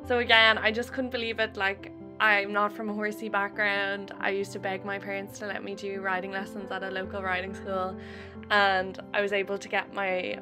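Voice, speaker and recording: A young Irish woman in a chatty, heartfelt vlog voice-over, with lots of "like" fillers. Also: medium pitch. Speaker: channel host. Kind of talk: casual vlog voice-over narration. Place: voice-over over riding footage. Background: background music.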